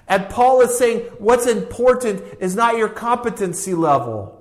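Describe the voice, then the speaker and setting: A man's voice: sits high, lively intonation, normal speed, few pauses. A man preaching a sermon with an emphatic, repetitive cadence, reading scripture aloud. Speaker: pastor.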